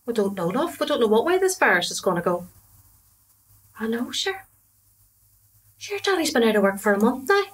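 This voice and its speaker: A woman's voice: fairly high pitch, big pitch swings, moderate pace, long pauses. An actress playing a chatty, gossipy middle-aged mother with a Belfast accent. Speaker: mother and wife. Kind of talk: comedy drama acting.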